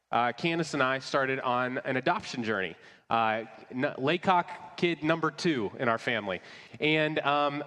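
Man preaching in a reverberant church hall. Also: medium pitch. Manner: warm storytelling with self-deprecating humor. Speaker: pastor. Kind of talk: sermon. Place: church sanctuary. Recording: long reverb of a large hall.

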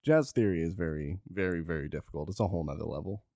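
A man's voice: low-pitched, quick pace, mellow, no room sound, clean studio sound. A man hosting a casual podcast, rambling and joking as he tells a history, stumbling over names. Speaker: podcast host. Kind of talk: casual chat.

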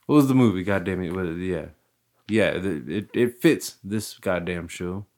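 A man's voice: low voice, lively intonation, normal speed, darkish tone. A young man hosting a casual podcast chat, rambling, laughing often and swearing freely. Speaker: podcast host.

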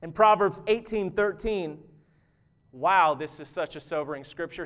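A man's voice: high voice, a little slow, fairly bright tone. A man, a pastor, preaching a conversational sermon in a church, joking at his own expense and laughing easily. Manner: conversational, self-deprecating, laughs often.

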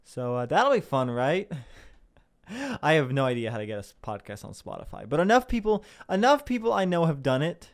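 Young guy from southern illinois rambling on his podcast, smooth resonant voice, self-deprecating and sweary. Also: fairly high pitch, big pitch swings, fairly quick. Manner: chatty, self-deprecating, full of fillers and swearing. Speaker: podcast host. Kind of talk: casual rambling monologue.

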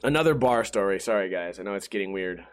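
A man's voice: expressive, fast. A young man telling stories in a casual monologue, swearing often and mimicking the people he talks about. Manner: profane, laughing, mimics others in a higher voice. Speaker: storyteller.

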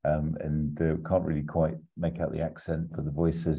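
A man hosts a podcast and casually pitches a film plot, rambling, laughing and swearing as he goes. His voice is extremely deep, dark and husky. The audio sounds dull and lo-fi. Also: little pitch movement, normal speed.

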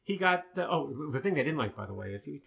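An older man from Long Island, New York, telling stories in a casual chat, animated and full of fillers. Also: on the high side, quick pace, gravelly. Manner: animated storyteller with many fillers.

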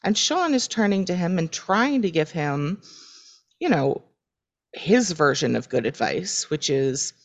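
This woman talks in a low register but with lots of melodic movement. She takes her time retelling a scene, slipping into quoted voices for the characters. It's relaxed podcast chat between co-hosts. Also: measured pace. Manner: animated storytelling, acts out quotes. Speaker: podcast co-host. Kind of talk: casual rewatch podcast chat.

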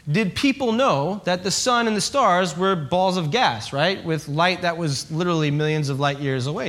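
High-voiced man preaching a sermon. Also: a bit bright. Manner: conversational storytelling, humorous, checks in with the audience. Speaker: pastor.

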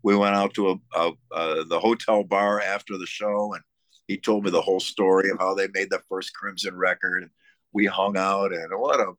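A man's voice: sits low, flat delivery, normal speed, fairly bright tone, no room sound. A man from the Buffalo area, a musician guest in a casual interview, telling stories with enthusiasm between many fillers and restarts. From United States, Buffalo area. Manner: enthusiastic storytelling.

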